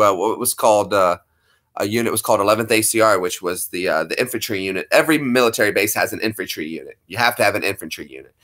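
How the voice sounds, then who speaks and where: A man's voice: on the low side, a bit bright. A man hosting a casual chat, rambling and chuckling as he talks. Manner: rambling, chuckling, self-interrupting. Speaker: channel host.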